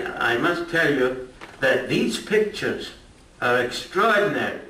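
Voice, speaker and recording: A man's voice: medium pitch, sharp tone. An older man giving an informal history lecture, chatty and joking with his audience. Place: lecture room at a retirement community. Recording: echoey room from a distant mic.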